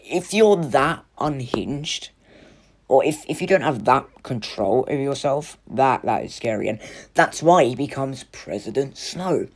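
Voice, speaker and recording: Chatty movie reviewer, middle pitch, casual spoiler talk. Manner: chatty, lots of "like" and "you know". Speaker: film reviewer.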